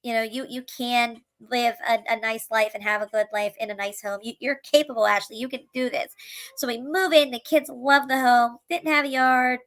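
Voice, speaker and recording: A woman's voice: fairly high pitch, steady tone, moderate pace, fairly bright tone, poor audio. A woman, a single mother, earnestly telling her own life story to camera, emotional, with tumbling restarts and repeated words. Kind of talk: candid personal storytelling to camera.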